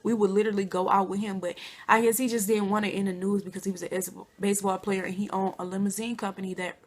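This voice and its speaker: A young woman from Flint, Michigan, telling a storytime to her viewers in a chatty, animated way. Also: mid-range voice, fast. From Flint, Michigan, USA. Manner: chatty, addresses viewers as y'all and girl, animated quotes. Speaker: vlogger. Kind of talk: casual storytime.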